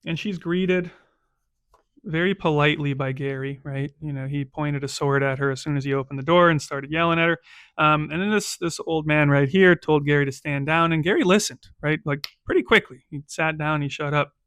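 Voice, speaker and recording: A man's voice: a little high, a little fast, a bit bright, clean tone, no echo, studio quality. A man narrating a solo tabletop game recap as game master, loose and conversational. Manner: loose, conversational, checks in with "right?".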